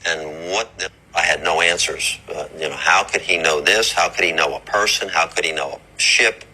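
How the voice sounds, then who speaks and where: A man, a father, recounting plainly in an interview with a measured, halting manner. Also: sits low, bright, forceful tone, slightly rough, poor audio. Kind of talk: interview recollection.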